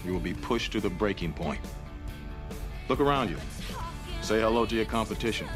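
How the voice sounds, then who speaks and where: An actor playing a stern senior surgeon giving a measured, commanding speech to new interns. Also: male voice, lowish voice, animated, close to an everyday voice. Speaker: chief of surgery in a TV drama clip. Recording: TV clip with music behind. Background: music score.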